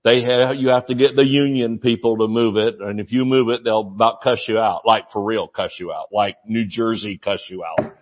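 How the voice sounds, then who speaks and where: Male evangelist, excitable sermon delivery, yelling bursts and chatty anecdotes, slightly dull lo-fi recording. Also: lowish voice, normal speed. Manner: excitable, yells when preaching. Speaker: preacher. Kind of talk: sermon with humorous stories.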